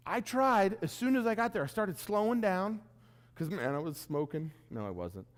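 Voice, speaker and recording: Very animated and high-voiced, the keynote speaker talks at normal speed in a large hall. Before the crowd, he acts out how he reacted while telling a story that pokes fun at himself.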